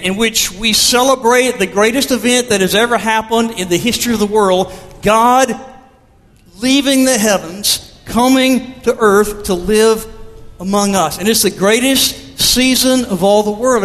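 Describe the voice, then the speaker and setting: A man preaching a sermon as pastor, with a measured storytelling manner, recorded in a church sanctuary. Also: high voice, fairly bright tone, big-room sound, soft background music.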